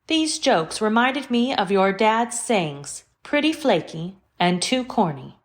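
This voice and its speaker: A woman's voice: medium pitch, animated, slow. A woman voicing a literal, formal female AI computer in an audio drama, with precise diction and no contractions. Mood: calm.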